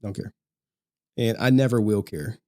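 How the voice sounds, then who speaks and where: A man's voice: fairly low pitch, normal speed, mellow. A young man ranting on a livestream, profane and mocking, often breaking into laughter. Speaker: streamer. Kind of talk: livestream rant.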